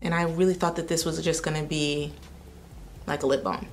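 Young woman beauty vlogger, slightly low voice, chatty and sassy, faint room hum behind. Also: normal speed. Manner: chatty, animated, sassy asides. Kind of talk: casual try-on review.

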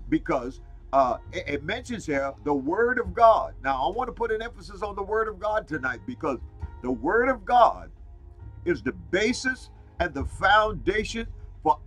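Fired-up husky preacher man. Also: high voice, fairly bright tone, low-quality recording. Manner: exclaims "Glory to God" and "Hallelujah" often; fired up, repeats phrases for emphasis. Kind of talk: fiery Pentecostal sermon.

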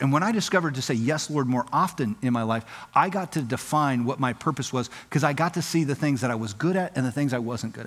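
A man from Southern California preaching a sermon as pastor, telling his story with lively acted-out quotes. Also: long reverb tail. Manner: animated storytelling, acts out quoted dialogue with rising pitch. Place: church sanctuary.

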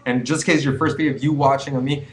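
A man's voice: medium pitch, steady tone, fast talker, a little hiss or hum, poor audio. Earnest rambling man in his twenties. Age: 20s. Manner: rambling, earnest, with many restarts and fillers. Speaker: vlogger giving quitting advice. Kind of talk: casual advice vlog.

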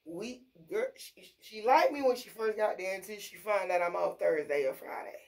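A woman, ranting casually and bluntly about her fast-food job, full of profanity. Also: medium pitch, expressive, a little mellow. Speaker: vlogger. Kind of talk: casual rant to camera.

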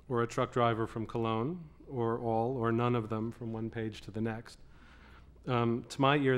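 A man at a public reading who asks the author a long prepared question, measured and with frequent pauses. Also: mid-range voice. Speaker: moderator.

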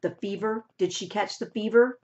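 A woman's voice: mid-range voice, fairly even intonation, normal speed, a little mellow, close to an everyday voice. A woman reading aloud voices an anxious, determined teenage farm girl who asks urgent, pleading questions. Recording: dull lo-fi recording.

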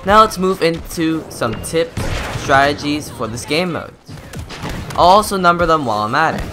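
A man's voice: on the high side, expressive, moderate pace, music in the background. A young man reading a methodical, scripted gameplay tutorial voice-over into a close microphone. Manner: methodical, instructive. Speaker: gaming YouTuber.

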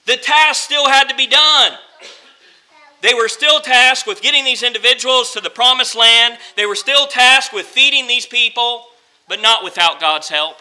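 A male pastor preaching a sermon, earnest and repetitive for emphasis, slowing down for scripture and swinging between quiet, slow lines and louder, faster ones. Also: very high voice, poor audio. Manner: earnest, repeats phrases for emphasis, slows down for scripture.

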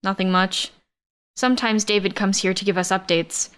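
A woman's voice: mid-range voice, steady tone, moderate pace, a bit bright, clear, resonant tone, natural voice. A woman voicing a blunt young woman who explains things matter-of-factly in an audiobook.

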